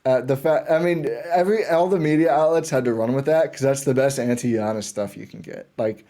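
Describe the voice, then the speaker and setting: A man guesting on a sports podcast, talking like an excited fan and often restarting his sentences. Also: mid-range voice, fairly quick. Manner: enthusiastic fan, rambling with restarts. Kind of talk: casual sports chat.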